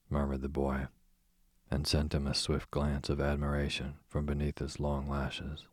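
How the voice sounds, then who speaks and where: A man narrating a novel as a bedtime audiobook, with calm, measured storytelling. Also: extremely low pitch, no room sound, clean studio sound.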